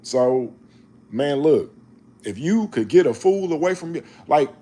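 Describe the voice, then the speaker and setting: Husky-voiced man in his forties, lively pitch; reads scripture, then riffs emphatically. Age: 40s. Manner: slow measured reading, then animated, emphatic street-talk commentary. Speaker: online Bible reader and commentator. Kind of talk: scripture reading then casual preaching talk.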